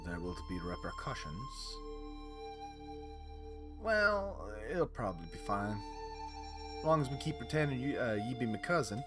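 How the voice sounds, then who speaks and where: A man's voice: low voice, normal speed, few pauses, over loud music, pitched below the performer's own voice, close to an everyday voice. A man voicing a plain-spoken rustic village woman with a folksy hick drawl, fussing over an injured stranger.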